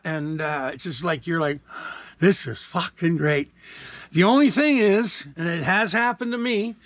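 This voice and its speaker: A Canadian vlogger in his 60s rambles casually to camera in a laid-back chat, full of fillers and asides. His voice is high-pitched and fairly bright, with no echo.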